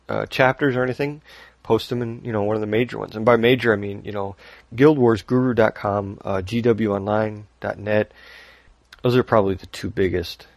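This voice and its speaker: A man hosts a relaxed podcast, talking in a low, loose, rambling way and laughing easily. The recording is dry and close, with no room sound. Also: dry recording. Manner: rambling, laughs often, reads listener email. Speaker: podcast host. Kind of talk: casual podcast chat.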